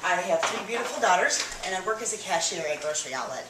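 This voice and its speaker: A woman's voice: on the low side, animated, quick pace, background noise. A woman giving a nervous, chatty personal testimony to an audience, full of fillers. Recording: echoey room, mic from far off.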